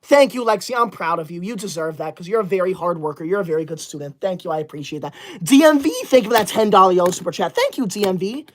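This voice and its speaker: A man's voice: high-pitched, fast, few pauses, fairly bright tone. A man doing a comedic livestream skit, reading super chats aloud, sternly praising good students and snapping at rude viewers to get out. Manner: indignant, bossy, snaps at viewers and bans them.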